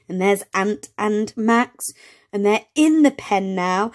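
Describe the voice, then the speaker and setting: A woman reading a phonics picture book aloud to young children, slowly sounding out words letter by letter and cheering them on. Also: medium pitch, expressive. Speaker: early reading teacher.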